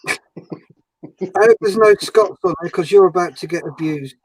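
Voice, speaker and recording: A man's voice: sits high, normal speed, breathy edge, no echo, poor audio. A man hosting a model-building livestream, bantering and teasing his friends on a group call. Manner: teasing, jokey.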